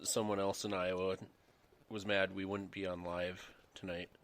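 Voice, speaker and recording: A man's voice: sits low, little pitch movement, moderate pace, a crowd in the background. A man co-hosting a sports podcast, with dry, teasing remarks in casual banter. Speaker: podcast co-host.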